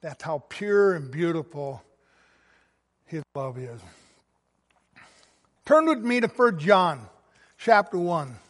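A man preaching a sermon, reading scripture and stressing words with rising passion, swinging between soft and loud. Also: a little high, very animated, takes it slowly, long pauses. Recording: long reverb of a hall.

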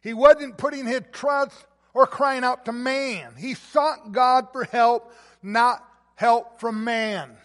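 High-voiced man preaching in an echoing hall. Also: steady tone, slow. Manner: emphatic, repeats key phrases, swells louder on stressed points. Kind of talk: sermon. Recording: long hall reverb.

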